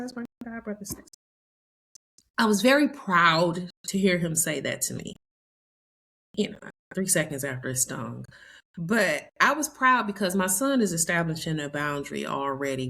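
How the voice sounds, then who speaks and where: A woman's voice: sits low, a little slow, vocal fry, a bit bright. A woman, hosting a podcast and telling a candid, emotional personal story with quoted dialogue. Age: 50s. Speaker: podcast host.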